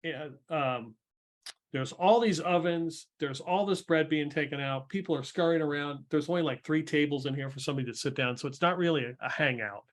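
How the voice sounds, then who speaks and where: A man's voice: a little high, fairly quick. A young man acting as game master, narrating a tabletop game in a meandering way with many fillers.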